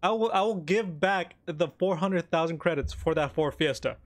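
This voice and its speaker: A man giving casual, joking gameplay commentary, excitable and sometimes talking with his mouth full of cookie. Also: on the high side, normal speed. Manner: excitable, joking, talks while eating. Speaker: gaming YouTuber.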